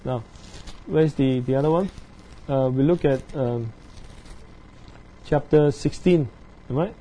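A man teaching a Bible study, reading verses aloud and explaining them in a halting way, with many fillers and tag questions. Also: mid-range voice, mellow. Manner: reads scripture aloud then explains.

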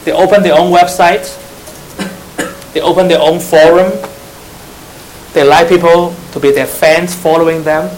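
In a rough recording, a man with a fairly high voice preaches a sermon to young church members at an unhurried pace, leaving long pauses and keeping his intonation fairly even. He repeats phrases, questions the audience, and adds teasing asides.

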